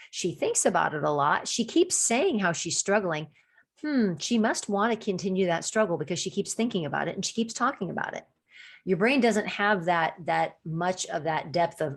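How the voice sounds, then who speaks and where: A woman coach talks through her solo podcast in a loose, conversational way. Her voice sits a little low. She restarts her sentences often and slips into quick acted-out quotes of inner thoughts. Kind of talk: casual solo podcast talk.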